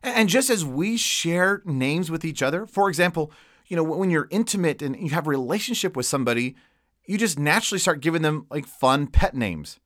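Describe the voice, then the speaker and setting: A man delivers a sermon in an earnest, emphatic way, stressing the important words. His voice sits a little high for a man. The sound is dry and close, with no room echo. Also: lively intonation, fairly quick, a bit bright. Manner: earnest, emphatic on key words, quotes God's voice. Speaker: preacher. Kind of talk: sermon teaching.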